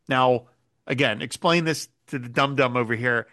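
A man's voice: medium pitch, moderate pace, sharp tone. A man co-hosting a podcast, chatting casually and animatedly recounting scenes. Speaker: podcast co-host. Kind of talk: casual chat.

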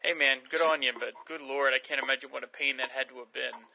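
A man's voice: medium pitch, steady tone, quick pace, creaky, bright, forceful tone, slight background noise, low-quality recording. A man co-hosting a casual comics chat, with a wry, teasing manner. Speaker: co-host.

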